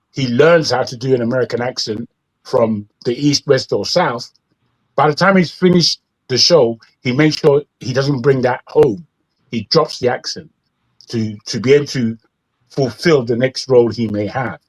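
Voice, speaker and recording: A man's voice: a little high, low-quality recording. A man hosting an opinionated news commentary show, talking in an indignant, rambling way with frequent restarts. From England. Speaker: host.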